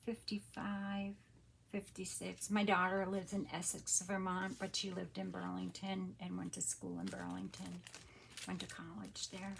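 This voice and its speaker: A woman in her sixties talks slowly through a craft unboxing, her voice gravelly and low-key. She often drops to a hushed near-whisper, then gasps with delight. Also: level tone, background noise. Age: 60s. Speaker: crafter and channel host. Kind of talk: casual unboxing chat.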